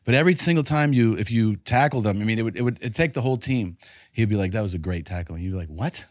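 A man co-hosting a casual podcast chat, a lively storyteller whose voice jumps when incredulous. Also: medium pitch, fast, dry recording, studio quality. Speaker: podcast co-host.

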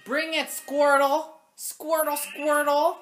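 A woman giving live gameplay commentary, excitable, talking to the game and yelling at opponents. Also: sits high, slow pace, faint music behind. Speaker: gaming channel host.

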